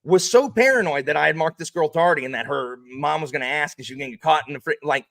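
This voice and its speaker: A man who is a teacher, chatting energetically as a podcast guest, joking and animated. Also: fairly high pitch, fast talker, gravelly, no room sound, studio quality. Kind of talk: casual podcast chat.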